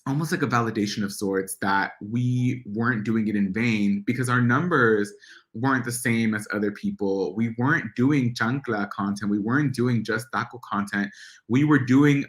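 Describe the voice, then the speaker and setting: A young man from Central America talks to a live audience as a guest speaker. He is animated and candid, and he slips into mimicking his relatives' voices as he tells stories. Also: lowish voice, moderate pace. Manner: animated storyteller, acts out family voices.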